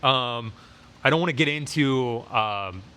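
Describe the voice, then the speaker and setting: A young adult man vlogging a storytime through a lapel mic on his shirt, retelling a tense encounter in an animated way, full of fillers like "like" and "dude.". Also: mid-range voice, a little slow, clean tone.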